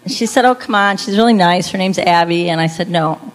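A woman's voice: fairly low pitch, a little fast, rough recording. A woman telling a personal testimony as a talk, acting out quoted lines and laughing lightly. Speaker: speaker giving a testimony.

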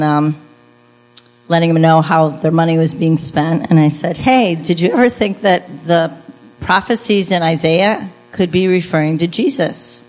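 A woman's voice: on the low side, rough recording. A woman telling a personal testimony as a talk, acting out quoted lines and laughing lightly. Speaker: speaker giving a testimony.

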